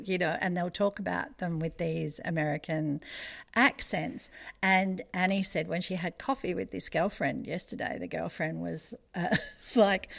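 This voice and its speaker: A woman's voice: fairly low pitch, fairly even intonation, measured pace, vocal fry, a bit bright. A middle-aged woman hosting a casual conversation, chatty and digressive with frequent fillers.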